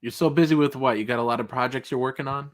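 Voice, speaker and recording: A man's voice: fairly even intonation, fast. A man hosting a casual livestream, reading chat comments aloud with jokey mock outrage. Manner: jokey, mock-outraged, rising pitch when protesting. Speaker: livestream host.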